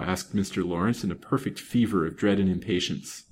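A man narrating a serialized old novel in a measured, dramatic reading. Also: low-pitched, darkish tone, husky. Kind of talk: scripted audiobook narration.

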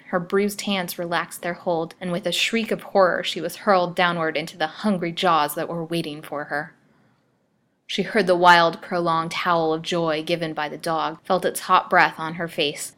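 A woman storyteller reading a melodramatic serial aloud with expressive delivery. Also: on the low side. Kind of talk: scripted narration.

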